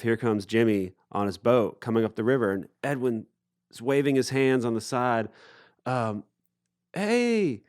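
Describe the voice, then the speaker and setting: A man from Appalachia, a musician telling a story in a casual interview, relaxed and full of fillers. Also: on the low side, clear, resonant tone, dry recording, studio quality. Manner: relaxed anecdotal, with fillers and acted-out quotes. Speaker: musician guest. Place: festival recording booth.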